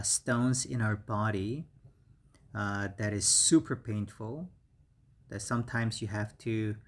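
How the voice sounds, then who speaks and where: A man with a Korean accent and a fairly low voice teaches English vocabulary in a slow lesson. He repeats each word slowly and carefully, pausing often and using fillers.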